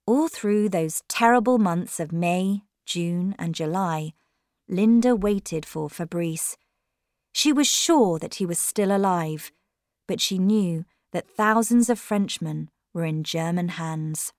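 A woman narrating an audiobook in a measured, expressive way. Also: fairly low pitch, no echo, clean studio sound. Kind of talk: audiobook reading.

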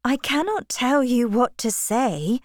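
A woman voicing a composed young gentlewoman who speaks in a measured, careful way. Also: a little high, lively intonation, no room sound, studio quality, voice pushed up.

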